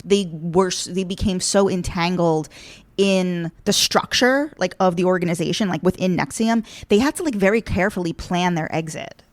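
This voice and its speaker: A woman's voice: on the low side, normal speed, no room sound. A woman hosting a podcast in casual chat, talking with lots of "like" fillers. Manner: chatty, frequent "like" fillers. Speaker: podcast host.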